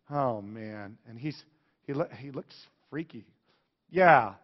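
A man, a pastor, giving a casual, excitable sermon with lots of fillers while commenting on pictures and a video. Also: mid-range voice, slow. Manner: chatty and excitable, many fillers like "like". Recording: long reverb, dull lo-fi sound.

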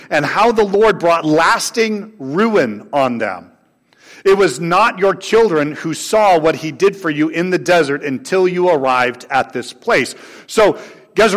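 A man preaching a sermon to his congregation, swinging between raised, emphatic lines and soft, low asides. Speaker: pastor. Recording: long hall reverb.

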